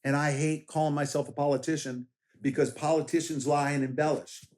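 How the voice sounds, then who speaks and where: A man's voice: on the high side, little pitch movement, fairly quick, a little mellow. A middle-aged man, a former law enforcement officer running for office, talking in a casual interview in a direct, emphatic way and telling anecdotes. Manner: emphatic, direct, tells anecdotes with quoted voices.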